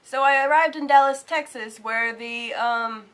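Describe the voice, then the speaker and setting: Young woman vlogger, high voice, lively and casual storyteller who swears offhandedly. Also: a little slow, hardly any pauses. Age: young adult. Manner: animated, swears casually, acts out quotes.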